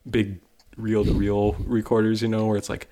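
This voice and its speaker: A man co-hosting a podcast, chatting casually in an animated, rambling way that jumps up in pitch when he gets excited. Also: moderate pace. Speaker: podcast co-host. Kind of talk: casual chat.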